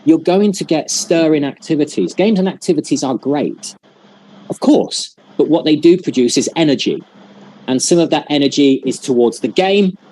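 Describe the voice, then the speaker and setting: A man's voice: fairly high pitch, lively intonation, moderate pace, darkish tone. A man leading a teacher-training workshop over a video call, explaining patiently and demonstrating with examples.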